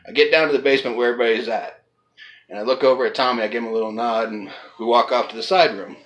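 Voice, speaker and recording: A man's voice: medium pitch, steady tone, quick pace, fairly bright tone, low-quality recording. Chatty man telling a story. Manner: chatty, full of "like" fillers, acts out the quotes. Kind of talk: casual spoken anecdote.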